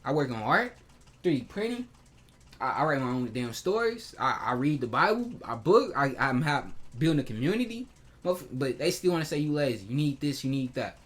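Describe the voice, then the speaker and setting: A man's voice: mid-range voice, big pitch swings, brisk. Hurt, heated man venting. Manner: heated, hurt, swearing, with many restarts. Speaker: vlogger. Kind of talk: emotional personal vlog rant.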